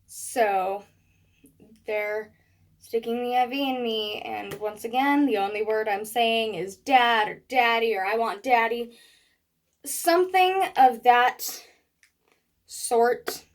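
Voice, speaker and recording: Unhurried woman telling a storytime. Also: fairly high pitch. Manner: animated storytelling with acted quotes. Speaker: vlogger. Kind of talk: storytime vlog.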